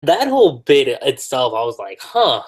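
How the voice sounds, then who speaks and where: A man's voice: mid-range voice, sing-song, normal speed, husky. A man guesting on a podcast in casual chat, laughing at his own remarks.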